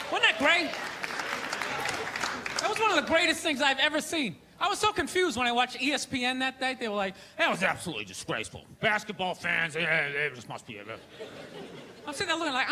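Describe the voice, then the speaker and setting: A man doing a stand-up comedy set on a theater stage, ranting loudly and shouting his punchlines. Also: extremely high pitch. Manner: loud, ranting, shouting punchlines and acting out characters. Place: theater stage before a live audience. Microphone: handheld stage mic. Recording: live stage recording with crowd laughter and noise.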